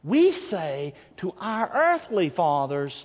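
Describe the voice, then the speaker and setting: A man preaching a sermon, dropping to quiet asides and then rising to loud shouts. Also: sits high, wildly swooping pitch, slow, breathy edge. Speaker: pastor. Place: church sanctuary. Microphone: wearable mic. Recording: dull, long hall reverb.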